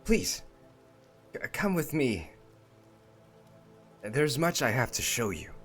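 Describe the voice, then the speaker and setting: A man putting on a high eager goblin voice. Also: very animated, slow pace, fairly bright tone, soft background music. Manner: eager, flustered, welcoming. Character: excitable friendly male goblin.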